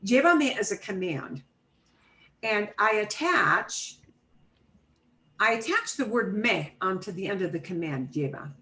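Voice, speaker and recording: A woman's voice: mid-range voice, sing-song, a little slow, long pauses, pushed and bright, poor audio. A middle-aged woman teaching an online Spanish class, explaining grammar patiently step by step with everyday examples over a video call.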